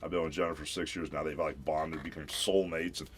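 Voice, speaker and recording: A man with a very low, booming voice tells a story in a casual radio interview. He acts out everyone's lines and keeps calling people brother. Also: brisk, a little hiss or hum. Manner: animated storyteller who acts out quotes, calls people brother. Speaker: celebrity guest.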